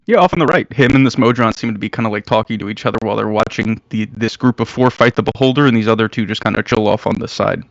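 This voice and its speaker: A man's voice: on the low side, fast talker, creaky, few pauses, dry recording, lo-fi sound. A man narrating as game master in a casual, filler-heavy way.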